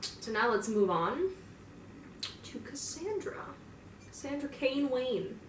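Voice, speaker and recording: Slowly and in a sing-song, high voice, a young fan roleplayer meanders through a casual in-character monologue. She curses freely and uses plenty of filler words, sitting far from the mic in a reverberant room with a faint hum behind her.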